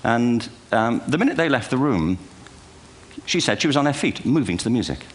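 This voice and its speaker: A brisk, very animated man with a medium-pitched voice delivers a humorous keynote in a large auditorium. He's older and fills the talk for his live audience with wry, self-deprecating anecdotes and asides.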